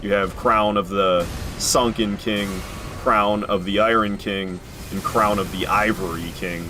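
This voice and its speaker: A man's voice: lowish voice, fairly even intonation, measured pace, background noise. A man chatting casually with his viewers while he streams a video game from home, joking and laughing often. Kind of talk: casual live-stream commentary.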